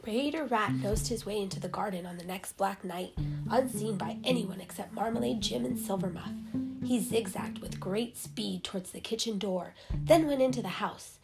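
A woman reading a children's story aloud, narrating in a lively, expressive way. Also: medium pitch, normal speed, gravelly. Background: music.

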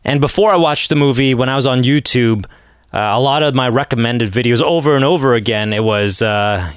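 A man hosting a podcast alone, rambling in a casual rant with sarcasm and sudden animated outbursts. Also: medium pitch, a little fast, clear, resonant tone, dry recording, clean studio sound. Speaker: podcast host.

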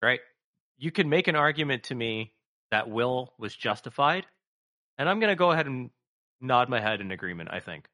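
A man talks casually in a comedy chat, rambling from point to point. His voice is bright and forward, and his pitch jumps around animatedly. He swears freely and slips into little acted-out voices. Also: expressive, moderate pace. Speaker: podcast co-host.

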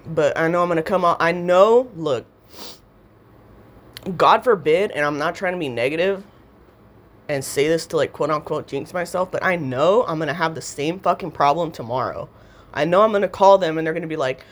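A woman's voice: low voice, moderate pace. A woman vlogging a profane, rambling rant, heated and swearing constantly as she vents.

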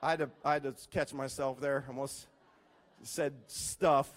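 A male pastor preaching a sermon as an animated storyteller, imitating beeping sounds and swinging between loud emphasis and hushed asides. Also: medium pitch, unhurried.

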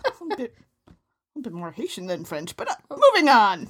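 A woman co-hosting a podcast, joking in casual comedic banter with a playful, deadpan teasing manner. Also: on the high side, normal speed. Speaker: podcast co-host.

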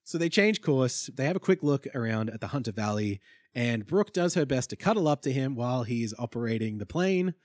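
A young man co-hosts a casual recap chat, wry and thinking aloud as he goes. His pitch moves a lot as he talks. The recording is dry and close. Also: lively intonation, fairly quick, darkish tone, no echo. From Australia. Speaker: podcast co-host.

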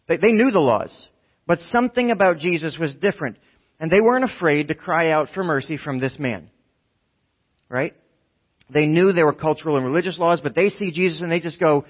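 A man preaching a conversational sermon, talking casually, often asking "right?" and swinging from hushed tones to near shouting. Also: medium pitch, fairly quick. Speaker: pastor. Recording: dull lo-fi sound.

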